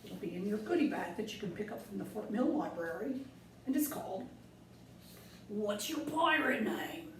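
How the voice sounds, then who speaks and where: Adopting a playful pirate persona, a woman runs a kids' craft session full of corny jokes and step-by-step directions. Her mid-range voice is fairly bright, with lively intonation and a normal pace. The sound is echoey, captured from a distant mic with a little background noise.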